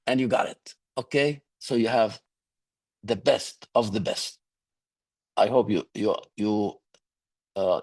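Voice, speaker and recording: Higher-voiced man coaching humor. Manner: instructive, repeats "okay?" to check understanding. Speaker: public speaking coach. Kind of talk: online speaking workshop lesson. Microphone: video call.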